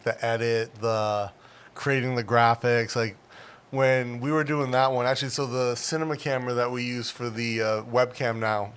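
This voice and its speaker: Man, middle-aged, livestream host, rambling casual chat, smooth resonant voice. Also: mid-range voice. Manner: chatty, rambling with many fillers.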